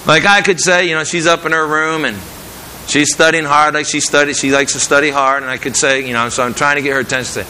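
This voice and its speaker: A middle-aged man preaching a sermon in a measured, earnest way, repeating key phrases for emphasis. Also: fairly high pitch, fairly even intonation, pushed and bright, a little hiss or hum, low-quality recording.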